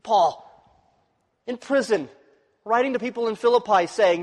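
A male pastor preaching a sermon, swinging from loud, rising emphasis to quiet, dropped phrases. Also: high voice, measured pace, pauses often. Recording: long reverb of a large hall.

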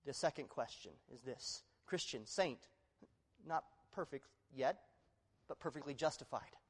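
A man's voice: animated, measured pace, husky. Man preaching in a reverberant church hall. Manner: emphatic preaching that swings from loud exclamations to low, hushed appeals. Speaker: pastor. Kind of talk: sermon. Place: church sanctuary. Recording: long reverb of a large hall.

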